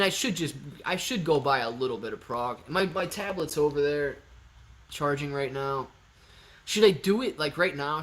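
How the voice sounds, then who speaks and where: A man hosting a live stream, chatting casually and excitably with his viewers and thinking out loud. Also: on the high side. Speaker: livestream host answering chat.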